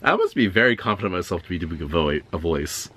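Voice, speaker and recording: A young man in casual podcast chat, joking around in a deadpan way. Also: deep voice, fast talker. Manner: deadpan, joking, puts on silly voices. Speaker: podcast co-host.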